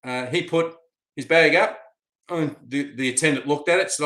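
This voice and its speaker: A man's voice: on the high side, fairly even intonation, moderate pace, a bit bright. An Australian man telling a rambling travel story in a casual, chatty way, full of fillers. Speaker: vlogger. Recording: roomy echo.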